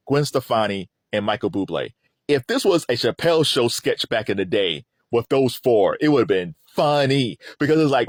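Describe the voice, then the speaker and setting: Lively-pitched man riffing on pop culture. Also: moderate pace, dry recording, clean studio sound. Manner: animated, rambling, laughs often. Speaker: host. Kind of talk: casual pop-culture commentary.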